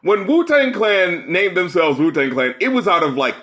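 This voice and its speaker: High, lively man ranting on a podcast. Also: moderate pace. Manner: heated, profane, rising to shouts. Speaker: podcast co-host. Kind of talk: casual chat.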